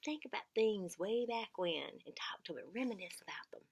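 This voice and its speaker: A woman's voice: medium pitch, lively intonation, normal speed, husky, highs cut off. A middle-aged woman, giving earnest caregiving tips in a casual vlog and repeating words for emphasis.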